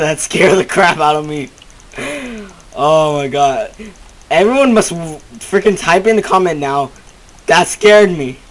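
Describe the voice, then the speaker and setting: A man giving casual let's-play commentary from home, excitable, rambling and easily startled. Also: a little high, rough recording. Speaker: gamer.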